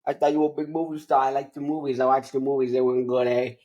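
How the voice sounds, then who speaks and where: A man's voice: mid-range voice, monotone, fast talker, mellow, highs cut off, lightly acted. A man doing a pushy hustling producer. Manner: brash, wheedling hustler talk. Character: pushy fast-talking male movie producer.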